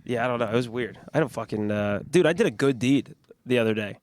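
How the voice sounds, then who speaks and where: A man's voice: mid-range voice, fast talker. A young man, podcast host, telling long rambling stories in casual chat and laughing often.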